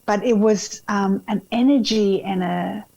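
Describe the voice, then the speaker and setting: A woman with a British accent speaks as a guest in a relaxed interview. She reflects warmly on the host's points and answers with many "yeah"s, at a mid-range pitch. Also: a little slow, creaky, poor audio. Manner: warm affirming reflections, frequent "yeah". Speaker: guest, yoga teacher and parenting coach. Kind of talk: casual interview chat.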